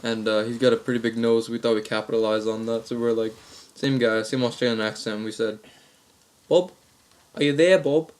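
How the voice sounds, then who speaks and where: A man's voice: lowish voice, monotone, fast talker. A young man vlogging, telling funny stories in a casual, rambling way full of crude slang. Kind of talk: casual comic storytelling.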